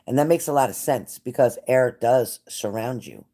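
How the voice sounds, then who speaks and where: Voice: mid-range voice, normal speed, dark tone. A psychic reader hosting a casual live stream who talks straight to viewers by name, repeats phrases and gets emotional and fervent.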